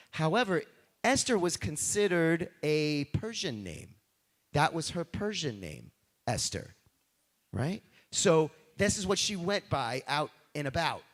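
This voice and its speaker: A man, a rabbi, telling a holiday story to a family congregation in an animated, jokey, chatty way. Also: fairly high pitch. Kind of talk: playful storytelling sermon for families. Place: large temple sanctuary. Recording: long reverb of a large hall.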